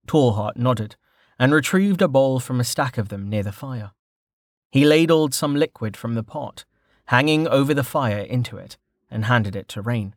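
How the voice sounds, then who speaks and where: A man narrating a fantasy novel in an expressive, varied storytelling manner. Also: mid-range voice, moderate pace, dry recording, clean studio sound. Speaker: audiobook narrator.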